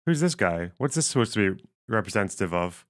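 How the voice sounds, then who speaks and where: A man live-streaming casual commentary while reading chat, his voice strained and missing its lower range, swearing and laughing as he thinks aloud. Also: very animated, fairly quick.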